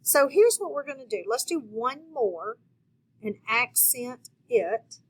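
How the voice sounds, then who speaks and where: A woman teaches children a phonics lesson, speaking slowly and patiently, addressing viewers directly and encouraging them to answer. Her voice is on the high side, animated, with a breathy edge, and the recording is low quality.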